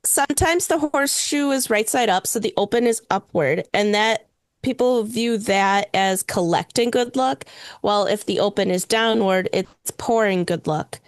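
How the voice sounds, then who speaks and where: A woman's voice: medium pitch, normal speed, clean tone, no room sound. A young woman co-hosting a paranormal podcast, casually chatting and laughing easily. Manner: laughs often, loose with fillers. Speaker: podcast co-host. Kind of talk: casual chat about superstitions.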